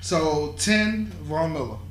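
A man's voice: on the high side, lively intonation, takes it slowly, slight background noise. A man in casual sports banter who leads the rundown, blunt and swearing. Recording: echoey room, faint ambience.

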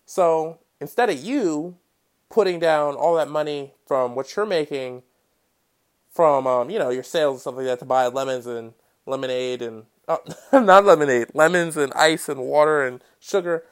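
Chatty man hosting a podcast, jokey asides. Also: on the high side. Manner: chatty and digressive, with jokey side remarks; swings between loud bursts and quiet mutters. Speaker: podcast host. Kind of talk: casual solo podcast explainer.

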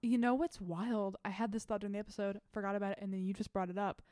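A young woman talks through a TV episode with a friend in a loose, animated way, cursing now and then. Her voice sits at a middle pitch, and the recording is dry and close with no room sound. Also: fast, no echo. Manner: animated, chatty, swears casually. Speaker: podcast co-host. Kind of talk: casual chat recapping a TV episode.

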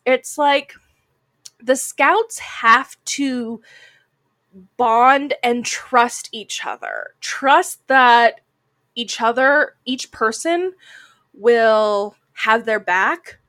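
Slow-talking chatty woman podcaster. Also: fairly high pitch, fairly bright tone, no room sound. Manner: chatty, heavy use of "like" fillers; says she sounds like a Valley girl. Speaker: podcast co-host. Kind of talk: casual anime discussion.

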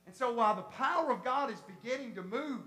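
A Pentecostal preacher giving an impassioned sermon, repeating phrases, rising to shouts, and acting out voices from the congregation. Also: medium pitch, expressive, fast, echoey room. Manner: repetitive, acts out congregation voices. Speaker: pastor.

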